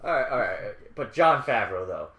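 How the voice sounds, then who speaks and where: A man co-hosting a podcast, teasing and swearing in animated casual banter. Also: mid-range voice, moderate pace. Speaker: podcast co-host. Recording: echoey room.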